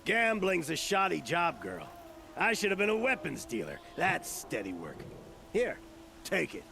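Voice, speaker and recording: An actor voicing a gruff, greedy male gambler in a video game, grumbling sardonically. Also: fairly high pitch, wildly swooping pitch, a little slow, full character voice. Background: game music.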